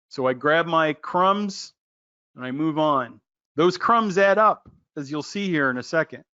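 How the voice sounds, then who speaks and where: A man teaching a trading lesson in an excitable, loud, jokey way, quizzing his listeners by name. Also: a little high, unhurried, clean tone, highs cut off. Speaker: trading educator. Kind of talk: animated screen-share trading lesson.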